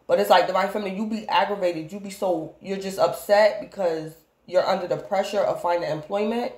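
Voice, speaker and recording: A woman's voice: mid-range voice, brisk, darkish tone. Rambling woman tarot reader, echoey room. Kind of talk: casual tarot reading to camera.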